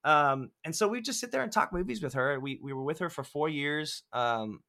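A man's voice: a little high, normal speed, vocal fry. A man in his thirties, a guest filmmaker, telling casual stories with lots of swearing and laughter. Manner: animated, profane, laughing storyteller. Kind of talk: casual podcast storytelling.

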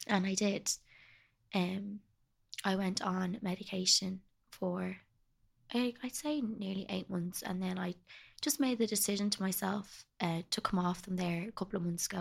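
A young woman talks as a guest in a candid conversation, her voice soft, emotional and halting. She speaks in a flat, even tone with a gravelly edge. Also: medium pitch.

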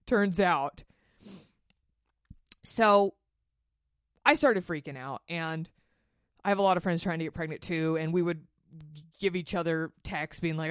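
A woman's voice: a little slow, no echo, studio quality. Candid, swearing woman podcaster. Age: 30s. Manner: candid, swearing, animated with sudden high outbursts. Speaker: podcast host. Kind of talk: casual solo podcast monologue.

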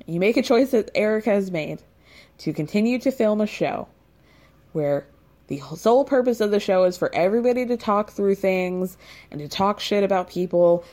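Woman, reality TV recap, sarcastic, blunt, swears, animated. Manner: animated, rising to incredulous highs. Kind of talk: casual commentary recap.

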